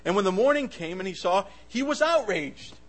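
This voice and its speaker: A man delivers a fervent sermon in a slightly high voice. He swings between loud, emphatic bursts and hushed asides. He often stumbles and restarts his words as he goes. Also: expressive, normal speed, low-quality recording. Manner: impassioned, swings loud and soft, stammering restarts. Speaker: preacher.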